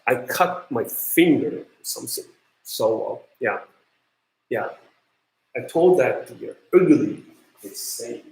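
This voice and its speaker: Slow, halting lecturer in an echoey room. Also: male voice, medium pitch, vocal fry, darkish tone. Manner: halting, many ums and uhs. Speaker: university lecturer. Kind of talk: classroom lecture on pronunciation.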